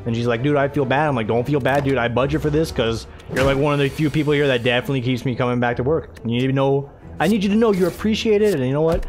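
A young American man chats over his gameplay in a loose, meandering way, jumping from the game to stories about his day. He laughs easily, and his voice sits at an ordinary middle pitch. Quiet game music plays faintly behind him. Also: fast. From United States. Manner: rambling, chatty, laughs often, jumps between game and his day. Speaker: gaming channel host. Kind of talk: casual let's-play chat.

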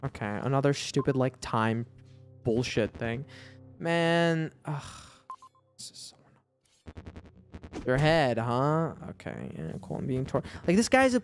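A man's voice: medium pitch, big pitch swings, a little slow, pauses often, soft background music. A man giving casual, profane gameplay commentary, rambling with filler words and mocking the characters in exasperation. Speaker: gamer playing through his backlog.

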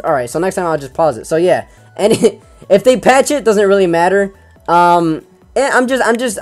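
Excitable, foul-mouthed young gaming host. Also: male voice, high voice. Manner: excitable, swears often, yells at the game. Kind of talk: casual let's-play commentary.

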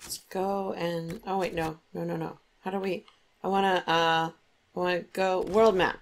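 A woman's voice: on the low side, little pitch movement, normal speed. Chatty woman gamer narrating gameplay. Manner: chatty, goofy, self-deprecating. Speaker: let's play host. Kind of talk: casual gameplay commentary.

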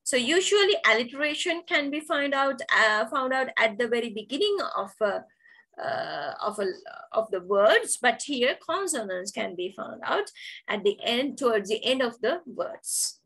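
A woman's voice: on the high side, big pitch swings, normal speed, a bit bright, low-quality recording. A woman teacher giving an online poetry lesson, explaining terms step by step and repeating key words. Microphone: video call.

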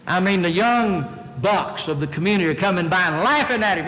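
A man's voice: high voice, sing-song, moderate pace, hardly any pauses, fairly bright tone. A male preacher, giving a folksy sermon and questioning his listeners. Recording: long reverb of a hall.

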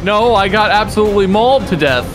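Brief: male gamer, high expressive voice, talks through his moves, music audible. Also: quick pace. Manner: chatty, laughing, narrates his own moves. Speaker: co-op game player. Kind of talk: casual gaming chat.

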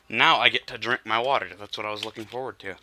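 A man's voice: medium pitch, sharp tone. Frustrated young man swearing at a game. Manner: frustrated, swearing, muttering under breath. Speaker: gameplay commentator. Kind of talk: let's play commentary.

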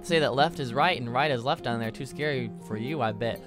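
A man's voice: mid-range voice, fairly quick, music in the background, lightly acted. A man reading a teasing male stranger in a game in his own voice.

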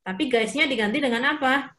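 A woman's voice: high voice, fast, bright, forceful tone, low-quality recording. A woman with an Indonesian accent teaching an English class over a video call, explaining rules and quizzing students. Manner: explains step by step, asks the class questions. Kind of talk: online class instruction mixing English and Indonesian.

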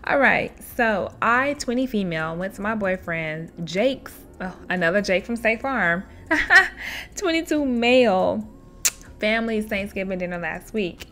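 Animated, laughing woman storyteller. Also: medium pitch, normal speed. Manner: animated, expressive, laughs often; chatty, addresses listeners directly. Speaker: host reading and reacting to online stories. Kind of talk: casual storytelling with commentary.

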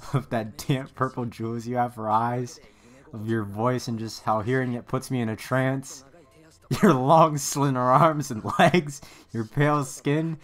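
A man's voice: mid-range voice, a bit bright, lightly acted. Casting: actor as a stubborn, devoted young man, earnest and intense, for an anime dub. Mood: tender. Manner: earnest, heartfelt confession.

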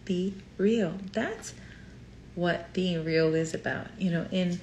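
Gravelly Brazilian-accented woman, earnest therapist. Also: fairly low pitch, slow pace, a little mellow, reverberant, slight background noise. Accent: Brazilian Portuguese. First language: Portuguese. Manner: earnest, heartfelt, repeats phrases for emphasis. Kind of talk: teaching talk to camera.

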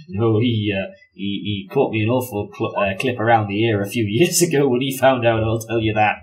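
A kind, reasonable traveller with a lowish voice, played by a man. He rambles politely, with plenty of fillers and restarts. It is a character in a tabletop role-play. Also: moderate pace, natural voice. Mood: friendly.

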